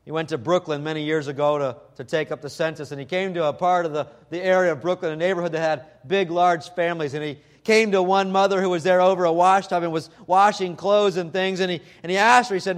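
A man preaching a sermon. He swings from loud, emphatic stretches to hushed, intimate appeals, and he often repeats words as he restarts a phrase. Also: high voice, fairly even intonation, quick pace, hardly any pauses.

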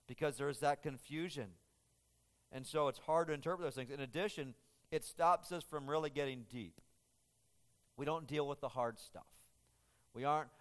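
A man's voice: fairly high pitch, clean tone, long reverb tail. A man preaching a sermon as a pastor, earnest and conversational, often restarting his phrases.

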